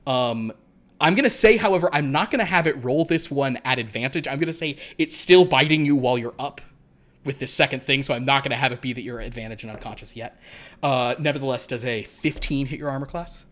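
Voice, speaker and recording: A man's voice: medium pitch, brisk, fairly bright tone. A man narrating a horror tabletop game as game master, rambling with many fillers and restarts.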